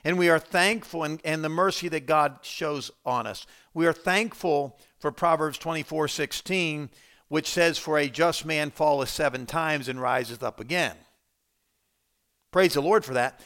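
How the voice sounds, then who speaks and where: A man preaching in the pulpit, his voice sitting a little high. His delivery swings from quiet low asides to loud, emphatic rises. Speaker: pastor. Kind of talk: sermon.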